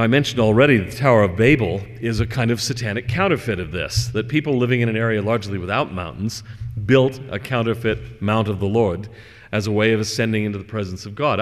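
A man giving a religious lecture, reading scripture and telling stories in a relaxed, digressive way with fillers. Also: lowish voice, fast. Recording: long hall reverb.

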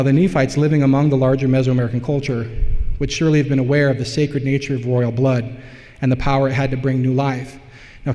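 A man's voice: medium pitch, mellow. A man giving an academic slide lecture, explaining things step by step with casual asides. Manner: explanatory, loosely conversational with asides. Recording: long hall reverb.

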